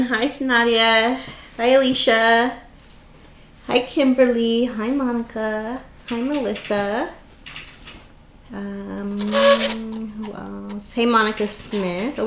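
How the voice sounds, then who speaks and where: A woman's voice: a little high, fairly even intonation, takes it slowly, fairly bright tone, slight background noise. A woman hosting a casual live stream, chatting easily, greeting viewers by name and laughing often. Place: home craft room. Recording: roomy echo.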